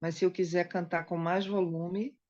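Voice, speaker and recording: Woman, class interpreter, lowish voice, muffled lo-fi sound. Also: level tone, a little fast, a little mellow. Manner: paraphrases into Portuguese. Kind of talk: interpreting and commenting.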